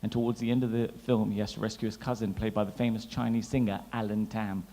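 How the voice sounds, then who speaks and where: A man in his thirties doing a stand-up comedy set, chatty and animated, teasing the crowd. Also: on the low side, fast. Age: 30s. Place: large hall at a gala dinner. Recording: long hall reverb.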